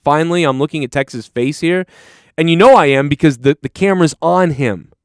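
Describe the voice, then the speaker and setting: A man's voice: a little high, fairly quick, smooth, no echo, studio quality. Rambling, profane man recapping a stream. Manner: rambling, profane, talks over replayed clips. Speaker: stream host. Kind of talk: casual live-stream commentary.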